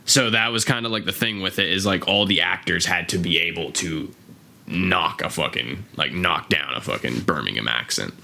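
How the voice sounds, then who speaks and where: A man's voice: deep voice, normal speed, gravelly, sharp tone. An American man hosting a casual podcast, rambling and swearing freely, with lots of fillers. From United States. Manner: rambling, profane, filler-heavy. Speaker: podcast host. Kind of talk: casual chat.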